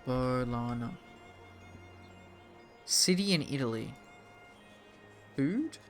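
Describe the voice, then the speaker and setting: A young Australian man with a bright, forward voice talks casually over his game stream. He is chatty and self-mocking as he answers chat, with faint music under him. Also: mid-range voice, expressive, normal speed. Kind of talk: casual gaming commentary.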